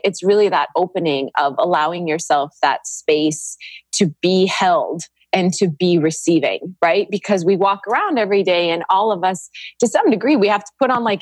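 Podcast guest: woman, low-pitched, earnest and reflective, close dry mic. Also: no room sound. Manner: earnest, reflective, spiritual wording. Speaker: podcast guest, Reiki practitioner. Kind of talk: casual podcast conversation.

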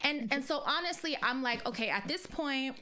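A woman podcast host telling a story in casual chat, animated and heavy with profanity. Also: high-pitched, moderate pace.

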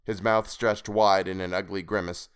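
A man narrating a weird tale in a measured, expressive reading. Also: deep voice, clear, resonant tone. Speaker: podcast reader. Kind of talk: scripted story narration.

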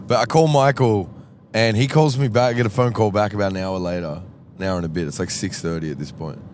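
Animated Australian man telling a story. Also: lowish voice, fairly quick, slight background noise. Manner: animated, acts out voices in anecdotes. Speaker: podcast co-host. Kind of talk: casual storytelling chat. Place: tour bus.

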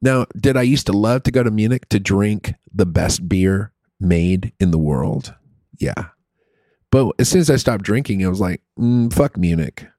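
A middle-aged man telling a story in casual chat, crude and profane with an animated, rambling delivery. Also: on the low side, normal speed, dry recording, clean studio sound.

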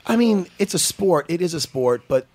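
Middle-aged male co-host, high voice, very expressive pitch, jokey storyteller. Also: moderate pace. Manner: animated, laughing, jokey storytelling. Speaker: podcast co-host, former fighter. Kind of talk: casual chat.

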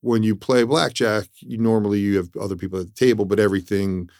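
A middle-aged man chatting casually about a trip, relaxed and rambling with restarts. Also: lowish voice, fast, no room sound, studio quality. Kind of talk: casual travel chat.

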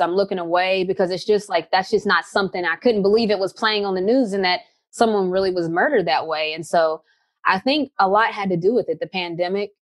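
A woman in her thirties from West Virginia, a basketball player answering interview questions in a chatty, upbeat, animated way. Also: mid-range voice, dry recording. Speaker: pro basketball player guest.

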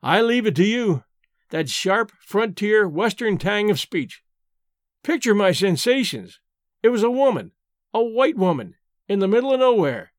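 A man's voice: high voice, very animated, measured pace, dry recording, clean studio sound. A man reading an old male drinker who tells a wistful yarn in an earnest, solemn way, for an audiobook.

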